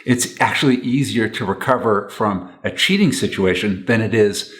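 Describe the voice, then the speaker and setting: A man's voice: on the low side, moderate pace, a bit bright. A man giving relationship advice to camera in an earnest, instructional way, repeating his key points.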